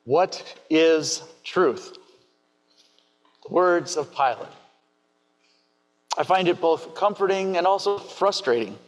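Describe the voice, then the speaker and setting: Higher-voiced preacher in a reverberant church. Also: male voice. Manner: measured, questioning delivery. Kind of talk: sermon.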